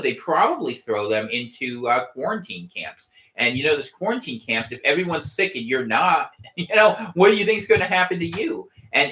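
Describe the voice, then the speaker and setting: A man's voice: medium pitch, bright, forceful tone. A man hosting a casual podcast livestream from home, rambling with wry gallows humor and frequent restarts. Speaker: podcast host. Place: home room.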